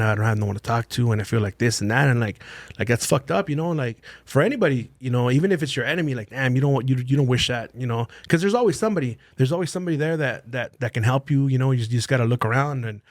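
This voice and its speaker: A man in casual podcast chat, swearing freely and acting out what other people said in animated bursts. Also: mid-range voice, quick pace, no echo. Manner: profane, animated, acts out quoted dialogue.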